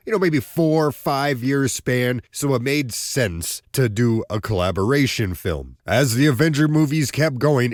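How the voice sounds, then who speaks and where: A man's voice: mid-range voice, no room sound. Dry-sounding man ranting about a trailer. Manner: animated, ranting, addresses viewers as folks. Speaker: video host. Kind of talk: casual movie-trailer commentary.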